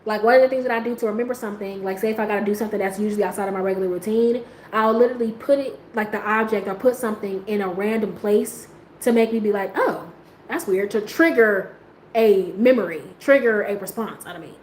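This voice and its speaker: A woman talking casually, rambling in slang, laughing often and jumping into high squeals when she quotes herself. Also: fast talker. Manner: slang-heavy, rambling, trailing off quietly. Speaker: host. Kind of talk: casual chat. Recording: echoey room with faint ambient noise.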